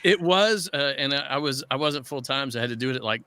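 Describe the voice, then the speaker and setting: A man's voice: mid-range voice, fast, crowd noise. A man voice actor telling anecdotes on a fan Q&A panel. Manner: animated anecdote teller. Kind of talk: casual panel storytelling.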